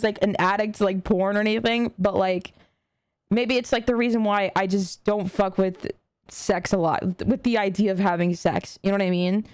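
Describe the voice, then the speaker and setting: A woman's voice: mid-range voice, smooth, dry recording. A young adult woman streaming a reaction video, talking casually and earnestly to her chat with lots of slang, fillers and swearing. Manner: earnest, talks directly to chat.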